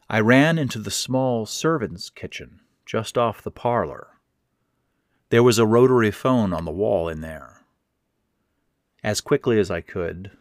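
A man narrating a first-person horror story in a measured, deliberate way. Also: fairly low pitch, no echo, clean studio sound.

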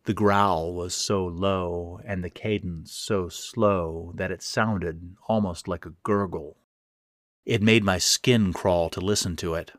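A man narrating a first-person horror story in a measured, deliberate way. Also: deep voice, fairly even intonation, no echo, clean studio sound.

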